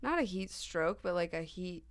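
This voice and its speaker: A young adult woman from the desert Southwest, co-hosting a podcast in an animated, laughing, swear-prone chat. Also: lowish voice, moderate pace. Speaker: podcast co-host. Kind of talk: casual chat.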